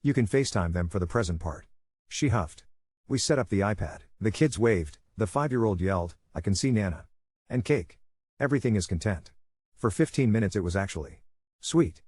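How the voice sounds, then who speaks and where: A man reads a first-person story aloud in a dry, wry way. His voice sits a little low. The recording is dry and close, with no room sound. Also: expressive, normal speed, a little mellow, no echo. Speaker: narrator. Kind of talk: scripted story narration.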